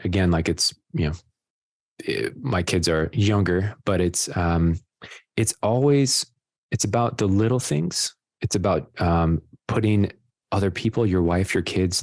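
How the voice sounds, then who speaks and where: Very deep-voiced man, dry close sound. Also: no room sound. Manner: rambling, many fillers and restarts, self-deprecating. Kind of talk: casual radio talk.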